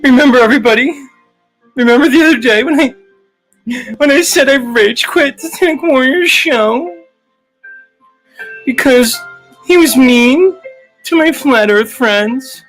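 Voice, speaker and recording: A man's voice: extremely high pitch, unhurried, long pauses, fairly bright tone, faint music behind, pitched above the performer's own voice. A man doing a whiny, lovesick superfan voice. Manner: pleading, giggling, over-the-top devotion. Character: whiny lovesick male superfan, clingy and dramatic.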